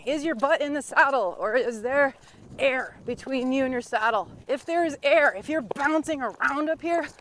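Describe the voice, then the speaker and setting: A woman's voice: high voice, fairly bright tone. A woman riding instructor teaching while she rides a horse outdoors in the wind, coaching in a teasing, encouraging way.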